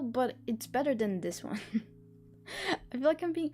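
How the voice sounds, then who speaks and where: Young woman streamer rambling and giggling, kinda high, mellow voice, faint music behind. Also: lively intonation, moderate pace, pauses often. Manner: rambling, giggly, many restarts and "like"s. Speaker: streamer hosting reading sprints. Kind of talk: casual live-stream chat.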